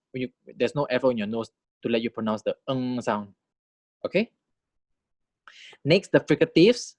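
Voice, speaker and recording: A man's voice: medium pitch, darkish tone, no echo. Man explaining phonetics, checks in often. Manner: explanatory, repeats "right?" and "okay" to check in; demonstrates sounds slowly and repeats them. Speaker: language teacher. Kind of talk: phonetics lecture.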